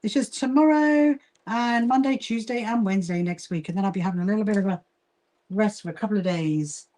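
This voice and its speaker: A woman's voice: mid-range voice, fairly quick, dark tone. English lady chatting on her sewing stream, lots of restarts, talks while she works. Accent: southern English. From England. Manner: chatty, greets viewers, talks while working, frequent restarts. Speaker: livestream host and quilting association founder. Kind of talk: casual livestream chat while sewing.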